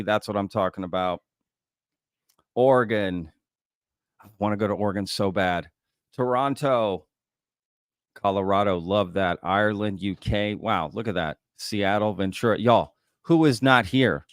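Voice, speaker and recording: A man's voice: fairly low pitch, a little slow, dry recording, clean studio sound. A man hosting a live stream, chatting casually and greeting viewers in a drawling way. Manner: casual, drawling, says y'all a lot. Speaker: host.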